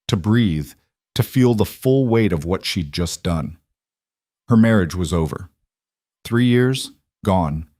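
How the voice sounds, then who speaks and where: A fairly low-pitched male narrator tells a drama story from a script, keeping his delivery measured and even. There's no echo, and the sound is clean studio quality.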